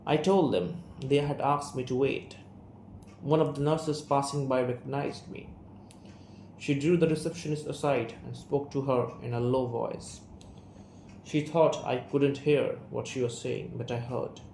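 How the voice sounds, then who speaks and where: Male student reading a bitter young woman in a play, Indian English accent, slow and gravelly, roomy room with faint hiss. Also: mid-range voice, fairly even intonation, darkish tone, natural voice. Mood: earnest. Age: young adult. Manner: reads character names and stage directions aloud. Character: young woman, sharp, resentful, fragile. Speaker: student reader. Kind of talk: reading an audio play aloud.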